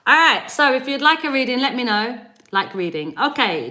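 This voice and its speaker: A woman giving tarot readings on a live stream, chatting gently with viewers and softly repeating their names as she tunes in. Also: high-pitched, expressive. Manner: slow, soothing, repeats names while tuning in. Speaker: tarot reader.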